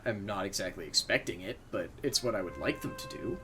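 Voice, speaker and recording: A man's voice: low voice, animated, fairly quick, over music. A man streaming a video game, chatting casually as he plays, rambling and swearing freely with self-mocking asides. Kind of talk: casual gameplay commentary.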